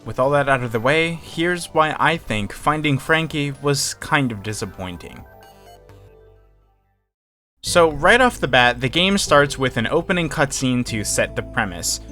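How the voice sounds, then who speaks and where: Bright-voiced man reviewing a game. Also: mid-range voice, lively intonation, measured pace, faint music behind. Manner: candid, opinionated, hedging with "kind of". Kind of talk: casual game review commentary.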